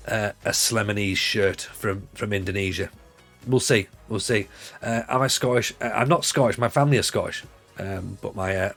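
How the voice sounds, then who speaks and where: A man's voice: fairly low pitch, a bit bright. A man in his forties with a Northeast English accent, chatting casually and rambling on a livestream, laughing easily. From Northeast England. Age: 40s.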